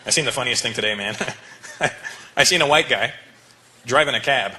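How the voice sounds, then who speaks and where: A man doing stand-up comedy, animated and laughing often as he talks straight to the audience. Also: mid-range voice, normal speed. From Canada. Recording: live club with loud crowd and noise.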